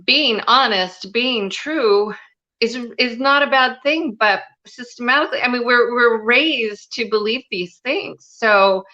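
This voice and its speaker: A woman's voice: fairly high pitch, unhurried, bright, forceful tone, highs cut off. A woman guest telling a personal story in a live interview, earnest and confiding, with many "you know" fillers. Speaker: guest, spiritual and business mentor.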